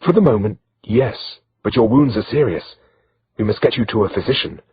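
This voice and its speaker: A man voicing a kind young noble maiden with a gentle, teasing manner, in a slightly dull lo-fi recording. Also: on the low side, expressive, normal speed, slightly rough, dry recording.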